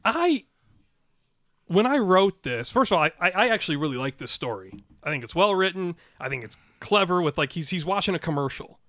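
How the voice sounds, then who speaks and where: A man co-hosting a comedy podcast from a home setup, chatting in casual banter, excitable, laughing a lot and swearing freely. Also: sits high, brisk, no echo, studio quality. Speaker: podcast co-host. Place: home studio at co-host's house.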